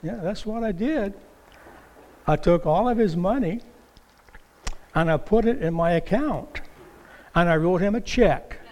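A male preacher voicing a tearful, clever widow in a sermon joke, speaking softly and quietly. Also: high voice, unhurried, pauses often. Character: tearful clever widow keeping her promise.

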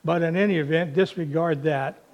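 A male pastor preaching a sermon in an unhurried, folksy way, telling a story with fillers along the way. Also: fairly high pitch, a little mellow.

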